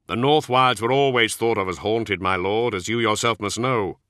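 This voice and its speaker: A man's voice: on the low side, normal speed, a bit bright, no echo, clean studio sound, natural voice. A man voicing a stiff, loyal soldier-commander who answers formally and bluntly.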